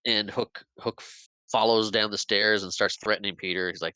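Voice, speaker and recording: A man's voice: lowish voice, steady tone, normal speed, pushed and bright, clean tone, no echo, rough recording. A man casually recapping a film scene by scene on a podcast, rambling a bit and laughing often. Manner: rambling play-by-play retelling, acts out quotes, laughs often. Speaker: podcast host.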